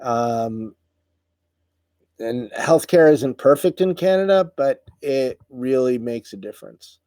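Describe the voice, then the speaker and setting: Host, middle-aged man, casual live chat, tired and halting, mellow dry voice. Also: mid-range voice, expressive, dry recording. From United States. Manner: halting, many fillers and restarts, emotional. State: tired, voice wearing out. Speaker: livestream host. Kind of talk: casual live chat reading viewer comments.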